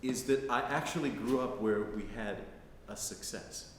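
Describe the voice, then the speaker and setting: A man's voice: medium pitch, normal speed. A middle-aged man telling personal stories in a conversational lecture, often checking in with "right?". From United States. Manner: conversational, frequent "right?" tags. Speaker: guest lecturer. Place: lecture hall, live audience. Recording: echoey hall, faint noise.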